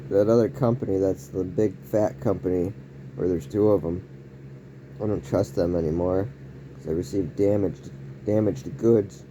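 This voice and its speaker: A man rambles casually through a home vlog, reaching for odd, oversized words and now and then yelling something out. His voice sits low and mellow, with a dark, relaxed tone. A faint hum of background noise runs underneath. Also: highs cut off. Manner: rambling, odd word choices, occasional yelled outbursts. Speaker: vlogger. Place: indoors at home.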